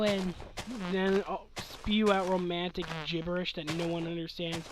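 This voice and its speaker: Young man, 20s, tired late-night vlog host, unhurried rambling delivery with chuckles, a touch of faint hiss behind. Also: high voice, level tone. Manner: rambling, chuckling, trailing off mid-thought. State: sleepy, yawning. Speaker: gaming channel host answering questions. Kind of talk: casual late-night Q&A chat.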